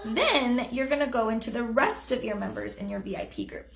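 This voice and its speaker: A woman's voice: a little high, sing-song, fairly quick, fairly bright tone, echoey room. Upbeat woman coaching on a home live stream. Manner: chatty, upbeat, acts out sample messages. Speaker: direct sales trainer. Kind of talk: live-stream training talk. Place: home room. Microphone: phone or webcam on a live stream.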